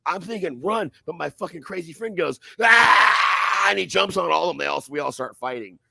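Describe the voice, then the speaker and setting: A man on a podcast telling a wild fight story in a profane, animated way, acting out other people's voices loudly. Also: on the high side, fast talker, gravelly, slight background noise. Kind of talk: casual storytelling.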